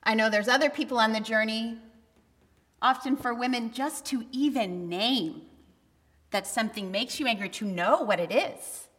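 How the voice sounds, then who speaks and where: Woman preaching with a bright voice in a hall. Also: fairly high pitch, normal speed. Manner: candid, conversational preaching with bursts of emphasis. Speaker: pastor. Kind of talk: sermon. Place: church sanctuary. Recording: long reverb of a church hall.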